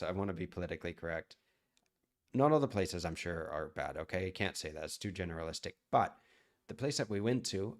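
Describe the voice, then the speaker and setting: Man, from the US, chef streamer, casual chat, rambling, fairly low voice. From United States. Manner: chatty, rambling, answers viewer chat.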